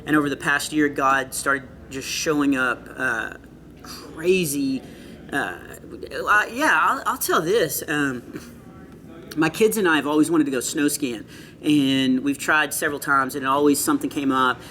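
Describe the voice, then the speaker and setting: A middle-aged male comedian chatting in an interview, telling earnest stories with quick asides. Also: fairly high pitch, pushed and bright, slight background noise. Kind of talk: casual interview chat. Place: comedy club after a show.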